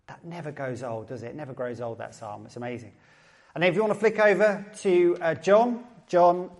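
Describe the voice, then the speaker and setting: A man's voice: fairly high pitch, a little mellow. A middle-aged man with an Essex accent preaching a sermon as a pastor, chatty and joking, often repeating his phrases. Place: church service.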